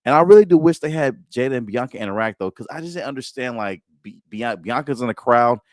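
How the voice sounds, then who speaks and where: A man co-hosting a casual wrestling chat stream, joking and animated, often stammering as he restarts his sentences. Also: medium pitch, fast, no echo. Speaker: podcast co-host.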